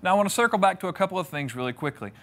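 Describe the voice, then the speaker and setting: A man's voice: high-pitched, expressive, racing, a bit bright. A young man giving a sermon, conversational and humorous, acting out the voices in the story he retells. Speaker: preacher.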